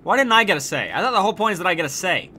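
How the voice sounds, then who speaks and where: A man's voice: high-pitched, very animated, rapid-fire, sharp tone, slight background noise. A man streaming a video game, giving casual commentary full of swearing and exasperated ranting. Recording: game music behind the voice.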